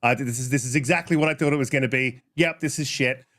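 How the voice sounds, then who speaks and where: A man's voice: medium pitch, fast, fairly bright tone. A man hosting a gaming podcast, reading the chat and rambling casually with fillers and swearing.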